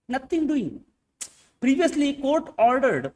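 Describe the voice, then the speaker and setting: A high-pitched man with an Indian English accent gives a classroom lecture on accounting. He keeps asking his students rhetorical questions and acts out little back-and-forth dialogues. His voice sits a bit back from the mic. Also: animated, moderate pace, long pauses, far from the mic. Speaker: accounting teacher.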